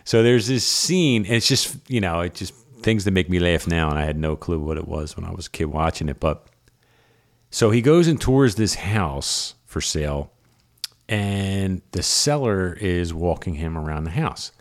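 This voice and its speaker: A man with a fairly low voice chats casually as a podcast co-host. He is a real estate agent who tells stories with energy and laughs at his own anecdotes. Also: animated, normal speed. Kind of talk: casual chat.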